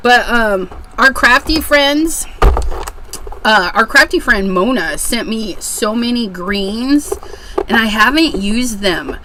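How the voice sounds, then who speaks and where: A woman's voice: a little high, expressive, slow, noisy background. A woman hosting a casual craft livestream from her craft room, chatting and greeting viewers by name as she works. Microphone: desk microphone with a level meter.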